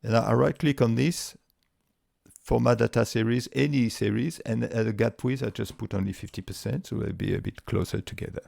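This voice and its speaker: A man with a voice walking through a spreadsheet tutorial step by step, relaxed, with frequent fillers and restarts. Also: mid-range voice, a little fast, vocal fry, dry recording. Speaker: tutorial presenter. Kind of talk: screen-recorded software tutorial.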